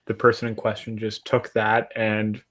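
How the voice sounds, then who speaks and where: A man's voice: lowish voice, completely flat delivery, normal speed, fairly bright tone. A man chatting casually as a guest in an online video hangout, with a dry, matter-of-fact manner. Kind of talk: casual chat.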